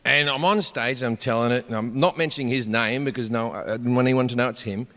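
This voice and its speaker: A man with an Australian accent doing stand-up, telling a crude story and jumping into shouted punchlines. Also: medium pitch, fairly quick. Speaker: stand-up comedian. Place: large concert venue on stage. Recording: live hall reverb with faint crowd ambience.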